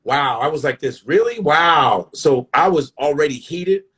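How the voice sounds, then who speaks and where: A middle-aged man, a stand-up comedian, telling stories in a profane, animated way, often restarting his sentences. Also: fairly high pitch, moderate pace, slightly rough. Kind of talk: casual storytelling.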